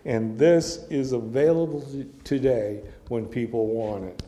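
Middle-aged male Bible teacher with a warm, mellow tone who reads verses and then chats about them. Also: medium pitch, measured pace. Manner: reads scripture aloud then explains it in a casual, storytelling way.

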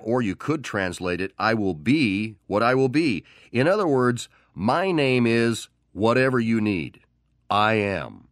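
A man's voice: fairly low pitch, very animated, a little slow, dry recording, clean studio sound. A man preaching a sermon, who tells the story with animation and acts out the voices of the people in it.

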